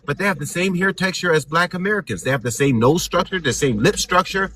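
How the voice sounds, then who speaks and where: A man with a fairly high, bright and forceful voice, pressing his case in a casual panel chat. He hammers points home by repeating them and acts out the questions others put to him. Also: fast talker, a little hiss or hum. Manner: argumentative, repeats points for emphasis.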